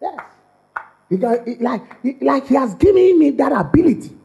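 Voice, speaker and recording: A man's voice: extremely high pitch, normal speed, vocal fry. A man preaching a sermon as pastor, repeating phrases and restarting lines as he builds his point. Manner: repetitive, animated preaching with stammered restarts.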